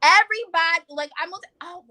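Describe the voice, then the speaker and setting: A woman's voice: very high voice, a little fast, sharp tone. A woman from New York, a guest in a casual chat, telling stories in an emphatic, confident way.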